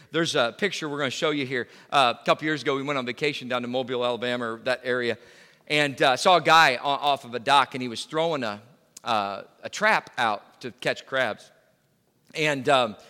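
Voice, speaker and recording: A man's voice: mid-range voice, sharp tone, long reverb tail. A male pastor preaching a sermon in a conversational way, full of fillers and restarts. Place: church sanctuary.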